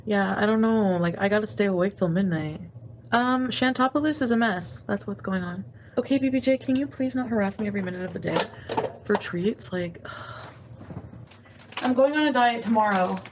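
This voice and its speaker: A woman's voice: medium pitch, normal speed, a little hiss or hum. A woman chatting casually on a livestream, rambling from topic to topic and laughing often.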